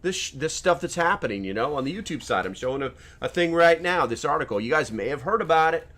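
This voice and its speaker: A man's voice: a little high, animated, quick pace, fairly bright tone. A man hosting his own channel, talking casually in a rambling, sarcastic way with many restarts. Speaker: channel host. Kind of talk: casual vlog commentary.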